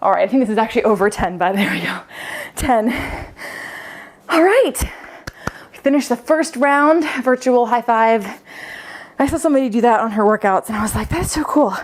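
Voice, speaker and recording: A woman's voice: a little high, animated, fairly quick. A young woman fitness coach, out of breath as she leads a home workout, chatting, counting reps and laughing often. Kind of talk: talking while leading a home workout.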